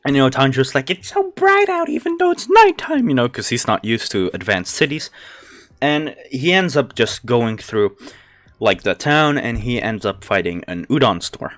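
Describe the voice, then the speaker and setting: A man's voice: medium pitch, expressive, moderate pace, fairly bright tone, no room sound, soft background music. A man casually retelling a story as host, rambling with lots of fillers and frequent laughs. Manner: rambling, many fillers like "like" and "you know"; laughs often between lines.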